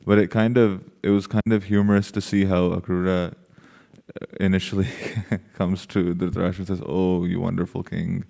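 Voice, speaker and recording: A man's voice: sits low, level tone, normal speed, dark tone. A man taking part in a study group, answering a question hesitantly and with many fillers. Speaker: class participant.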